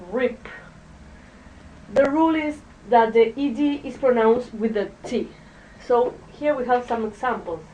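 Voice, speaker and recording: A woman teaching an English pronunciation lesson to a classroom, speaking haltingly, drilling words and checking in with "okay?" as the class repeats after her. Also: mid-range voice, a little mellow. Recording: distant mic with faint background noise.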